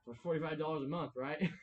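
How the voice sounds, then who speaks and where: A man's voice: on the high side, brisk, highs cut off, a little hiss or hum. A young man telling a long story in casual podcast chat, rambling, with many "like"s and acted-out quotes. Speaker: podcast co-host.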